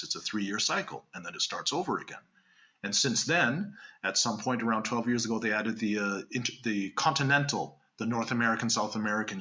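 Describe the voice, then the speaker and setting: A man from Canada, a guest magician telling stories in a casual interview with quick asides and laughter. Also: on the low side, bright, forceful tone.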